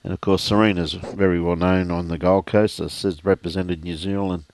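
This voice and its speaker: A deep-voiced older Australian man calls a lawn bowls match in an easy, chatty way, greeting viewers as he goes. His voice sits low and sounds dry and close to the mic. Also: little pitch movement, moderate pace, darkish tone, dry recording. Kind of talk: live sports commentary. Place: outdoor bowls club.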